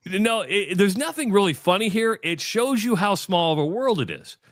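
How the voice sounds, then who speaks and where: A man's voice: high-pitched, sing-song, normal speed, no room sound, clean studio sound. A middle-aged man from Iowa co-hosting a radio show, telling a long story and acting out both sides of the chat. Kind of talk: casual storytelling on sports radio.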